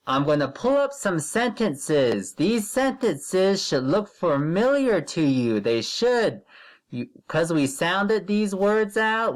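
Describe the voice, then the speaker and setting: Slow, animated first-grade teacher man. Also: a little high. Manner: slow, deliberate, repeats directions, stretches words when modeling reading. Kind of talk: recorded online reading lesson. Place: recording at a computer while sharing the screen.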